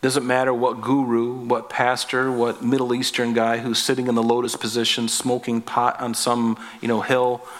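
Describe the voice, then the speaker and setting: A man preaching a conversational sermon as pastor, folksy and jokey, calling his listeners folks and guys, and climbing higher and louder on his emphatic points. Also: monotone, moderate pace, few pauses.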